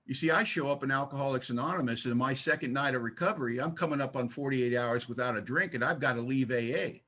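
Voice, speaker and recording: A man's voice: mid-range voice, fast talker, pushed and bright. A man giving an emphatic, folksy share at a recovery meeting, telling his story with blunt humor over a video call. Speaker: speaker sharing recovery story.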